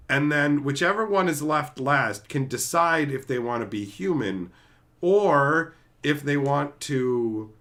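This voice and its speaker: A man on a casual stream, ranting and acting out scenes, swearing freely and laughing as he tells it. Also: on the high side. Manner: animated, acts out scenes in put-on voices.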